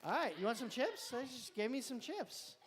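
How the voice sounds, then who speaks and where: Youth group leader rambling thru announcements, jokey, mouth full of chips, middle pitch. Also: sing-song, normal speed, background noise. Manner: chatty, rambling, joking, talks while chewing. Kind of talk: casual live-stream announcements to a youth group. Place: church youth room with students present.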